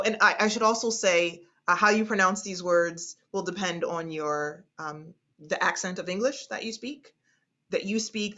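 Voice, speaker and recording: A woman speech instructor teaching an online class, hesitating often and slowly stretching out vowel sounds as she demonstrates them. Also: lowish voice, a bit bright, dull audio. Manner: hesitant, with frequent fillers and restarts.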